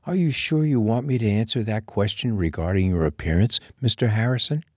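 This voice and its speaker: Casting: male narrator doing a stiff, formal young schoolmarm woman, low voice, dead-dry room. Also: brisk, darkish tone, no room sound, close to an everyday voice. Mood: prim, indignant. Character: prim proper young Boston schoolteacher woman.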